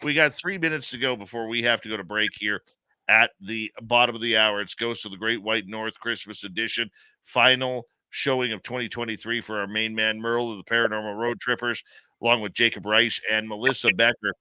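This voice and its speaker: Bright-voiced male radio host. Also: on the low side, a little fast, smooth, no echo. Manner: animated storyteller, laughs easily. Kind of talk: casual radio talk, storytelling.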